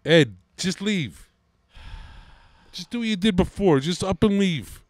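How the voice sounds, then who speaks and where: A man on a podcast in a comedy bit, talking in a gruff, exasperated, profane way. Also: high voice, expressive, a little slow, slight background noise.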